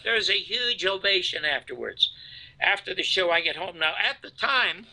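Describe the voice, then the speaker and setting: An older man with a gravelly, creaky voice and a bright, edgy tone tells stories in a lively way. He goes from near-shouting to hushed asides. The sound is dry and close to the mic. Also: high-pitched, normal speed, no echo, poor audio. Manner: animated, swings from loud outbursts to hushed asides. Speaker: show host telling stories. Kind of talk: storytelling in casual chat.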